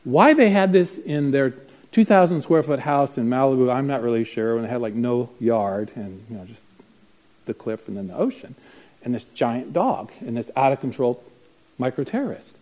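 A man speaking to a live class, telling a story with lively acted-out voices. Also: medium pitch, moderate pace. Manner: animated, acts out voices in his stories. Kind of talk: storytelling talk to a live group.

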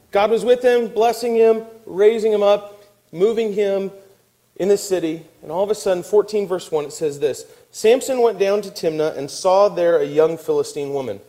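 A man preaching a sermon, telling a Bible story with lively, animated delivery and acting out the characters' voices. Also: on the high side, low-quality recording. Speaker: pastor.

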